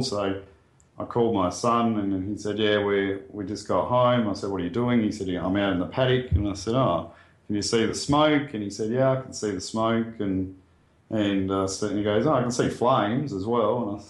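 Earnest Australian man, low and roomy. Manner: plain-spoken and earnest, with frequent ums and restarts. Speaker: guest sharing a bushfire story. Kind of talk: casual spoken recollection. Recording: roomy echo.

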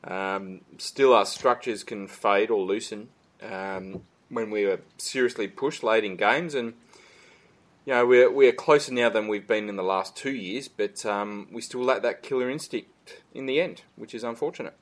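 Passionate swearing Australian host. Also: male voice, normal speed. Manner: passionate, swearing, trailing off low. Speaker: podcast host reading listener questions. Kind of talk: casual fan chat.

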